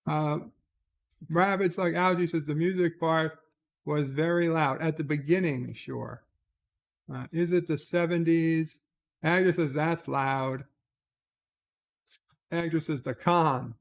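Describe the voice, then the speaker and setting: Male livestream host, fairly high voice with a gravelly edge, reads chat comments and tosses off brief replies. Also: steady tone, slow, pauses often. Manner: reads viewer comments aloud and answers in short asides.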